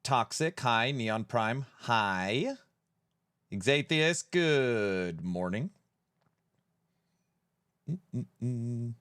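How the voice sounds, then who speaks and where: A man's voice: medium pitch, lively intonation, extremely slow, fairly bright tone, smooth, no echo, studio quality. A man hosting a live stream in a playful, jokey way, greeting viewers by name as he reads the chat.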